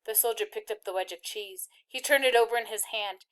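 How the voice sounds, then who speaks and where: A woman reading a novel aloud with steady, expressive narration. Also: a little high, fairly quick. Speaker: reader.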